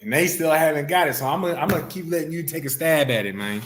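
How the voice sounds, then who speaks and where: In his religious class he questions students until they answer, repeats himself frequently, and takes scripture at a slow, deliberate pace. His pitch is slightly high.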